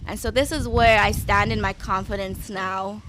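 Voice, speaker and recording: A woman reading a psalm aloud at a memorial service in a measured, prayerful way. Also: mid-range voice, fairly even intonation, noisy background. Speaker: scripture reader at a memorial service. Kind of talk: slow scripture reading.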